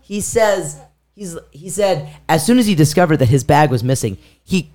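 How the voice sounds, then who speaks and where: Man, podcast co-host, lively storyteller, swinging pitch, does voices in his anecdotes. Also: moderate pace. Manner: animated, acts out quoted voices, laughs mid-story. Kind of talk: casual storytelling chat.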